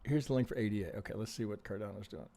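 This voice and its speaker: A man teaching trading on a live stream, reviewing charts in an animated, profane way and asking "right?" again and again. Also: lowish voice, racing, heavy background noise. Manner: profane, emphatic, acts out trader reactions, keeps asking "right?".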